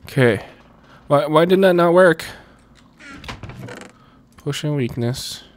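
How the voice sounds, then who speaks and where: A man hosting a Minecraft let's play, chatting casually and muttering to himself as he plays, getting loud and excited when he pleads. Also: on the high side, slow pace, slight background noise. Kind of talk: casual gameplay commentary.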